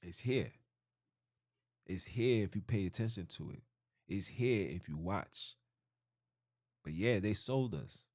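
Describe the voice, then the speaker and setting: A low-voiced man preaches to his podcast listeners in a bone-dry recording. He hammers his points home, repeating phrases and restarting sentences as he goes. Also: animated, slow, long pauses, darkish tone, dry recording. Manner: emphatic, repetitive, frequent restarts. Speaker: podcast host. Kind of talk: preachy monologue.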